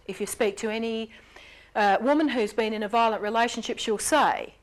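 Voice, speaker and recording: Animated woman giving a lecture. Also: normal speed. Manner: animated, jumps in pitch on key words; acts out quoted lines in character. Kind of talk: explanatory lecture.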